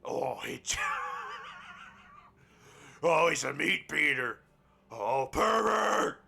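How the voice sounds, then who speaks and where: A man's voice: a little high, fairly even intonation, slow pace, creaky, sharp tone. A man reading a book aloud in a game roleplay, breaking off into crude, profane, mocking asides. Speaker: gaming roleplay streamer.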